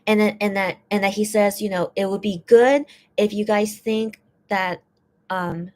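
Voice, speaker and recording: A woman's voice: mid-range voice, steady tone, measured pace, darkish tone. A woman hosting a casual stream, translating and explaining posts, talking in a rambling way full of fillers and restarts. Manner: gets teary and emotional while reading. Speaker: fan channel host translating posts. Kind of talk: casual live-stream chat.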